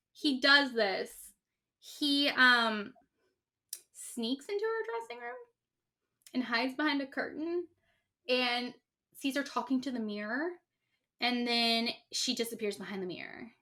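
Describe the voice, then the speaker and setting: A woman co-hosting a podcast, casually retelling a story in an animated, rambling way with many asides. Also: high-pitched, takes it slowly, long pauses. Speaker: podcast co-host.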